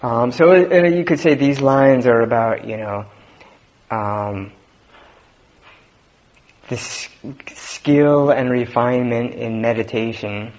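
A man giving a Zen dharma talk in a relaxed, halting way, with many fillers and soft laughs. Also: medium pitch. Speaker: Zen teacher. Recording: dull lo-fi recording with faint noise.

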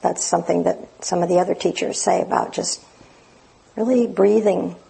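A woman teaching meditation in a dharma talk, gentle and unhurried with many fillers and restarts. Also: lowish voice, steady tone, low-quality recording. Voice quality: gravelly, very husky.

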